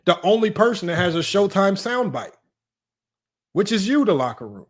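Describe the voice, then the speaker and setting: A man hosting a sports debate livestream, talking brashly and teasing his chat in quick casual commentary. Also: high-pitched, big pitch swings. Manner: brash, rapid, teasing, talks straight to chat. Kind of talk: casual live-stream commentary.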